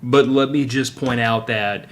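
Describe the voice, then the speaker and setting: A male podcast host talks with his wife in a sarcastic, opinionated rant. His voice sits at an ordinary middle pitch, loose and conversational. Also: fairly even intonation, unhurried. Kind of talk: casual chat.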